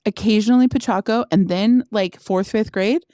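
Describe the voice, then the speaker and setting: A young woman co-hosting a casual podcast, animated and laughing often as she chats. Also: mid-range voice, moderate pace, no room sound, studio quality. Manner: excitable, laughs a lot, animated disbelief. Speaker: podcast co-host. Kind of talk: casual chat.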